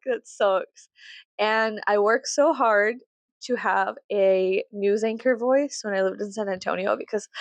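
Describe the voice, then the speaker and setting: A woman's voice: mid-range voice, dry recording. A woman with a Southern US accent, rambling casually to her viewers in a profane, self-mocking way and laughing often. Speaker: YouTuber.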